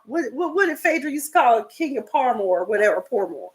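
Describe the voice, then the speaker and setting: A woman in her forties chatting casually as she recaps a reality show, sassy and talkative, her pitch jumping between high and low. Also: big pitch swings, fairly quick, hardly any pauses. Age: 40s.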